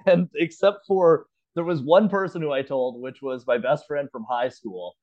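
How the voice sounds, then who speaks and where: A man's voice: on the high side, moderate pace. Laughing, profane man on lo-fi audio. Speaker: podcast co-host. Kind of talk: casual chat. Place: at home, remote call. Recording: slightly dull, lo-fi remote audio.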